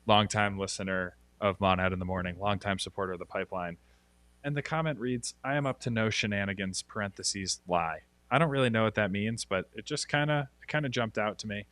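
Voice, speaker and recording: Bright-voiced man hosting a casual stream. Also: lowish voice, no echo. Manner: upbeat, laughs easily, many restarts. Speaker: stream co-host. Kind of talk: casual livestream chat.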